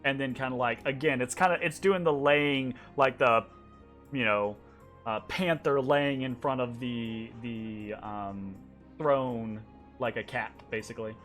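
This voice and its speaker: Dude running a tabletop game, slow, lots of um and kinda like, soft music behind. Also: male voice, mid-range voice. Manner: halting, lots of ums and kinda-likes. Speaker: game master.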